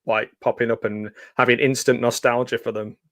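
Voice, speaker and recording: A man's voice: medium pitch, flat delivery, brisk, a bit bright, dry recording, studio quality. A man co-hosting a casual film watch-party stream, making wry, playful asides. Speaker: co-host.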